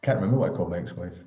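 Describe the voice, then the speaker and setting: A man's voice: deep voice, creaky, mellow. A Scottish man in casual chat on a video call, reflective and rambling, chuckling often. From Scotland. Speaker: study group participant. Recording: echoey, dull lo-fi room audio.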